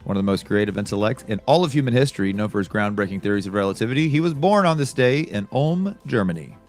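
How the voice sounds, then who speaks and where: A man's voice: on the low side, expressive, quick pace, darkish tone, faint music behind. A man co-hosting a casual podcast, reading this day's history items with chatty asides. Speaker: podcast co-host. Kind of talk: casual chat.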